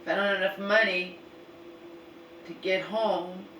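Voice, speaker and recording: A woman's voice: mid-range voice, steady tone, unhurried, pushed and bright, roomy sound, distant mic, slight background noise, low-quality recording. A woman vlogging a rambling, exasperated story and retelling arguments, swearing now and then.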